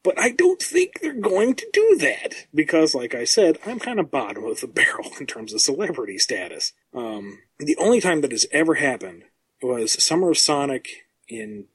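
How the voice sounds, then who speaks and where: A man who writes comics, talking as a podcast guest in a measured, self-deprecating way with frequent ums. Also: on the high side, big pitch swings, breathy edge. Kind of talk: casual podcast chat.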